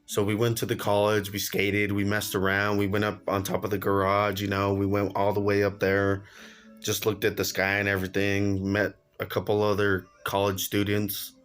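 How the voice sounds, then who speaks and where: A man's voice: fairly low pitch, completely flat delivery, normal speed, fairly bright tone, clean tone. Laid-back young man telling a story. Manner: laid-back slangy, laughs while telling. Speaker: vlogger. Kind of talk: casual storytelling.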